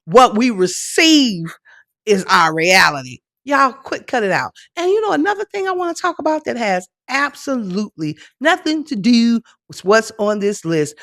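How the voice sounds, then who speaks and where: Animated woman host, bright and dry. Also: a little high, moderate pace, no echo. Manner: animated, chatty and joking. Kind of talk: casual chat show monologue.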